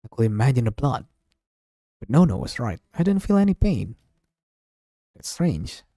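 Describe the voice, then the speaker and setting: A man reads a visual novel's text aloud for his stream, taking his time over each line. His pitch swings widely as he shifts between narration and the characters. The tone is soft and mellow, and the sound is close and dry. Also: dry recording. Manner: slow, expressive reading, voicing several characters. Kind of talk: dramatic read-aloud of game text.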